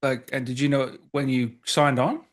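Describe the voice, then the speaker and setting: A man's voice: medium pitch, fairly even intonation, moderate pace. A man hosting an interview, chiming in enthusiastically about a game. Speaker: host. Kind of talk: casual interview chat.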